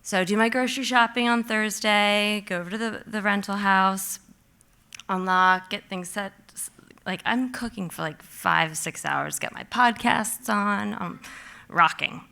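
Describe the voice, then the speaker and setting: Woman storyteller, live stage, bright tone, animated and chatty, heavy "like". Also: medium pitch, measured pace, gravelly, clear, resonant tone. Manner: animated, vivid, heavy use of "like"; acts out her own past panic in quotes.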